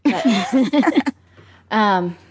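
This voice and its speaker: A woman's voice: mid-range voice, expressive, very slow, darkish tone, husky. Chatty pregnant woman host. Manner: chatty, laughs often. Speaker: podcast host. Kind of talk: casual chat.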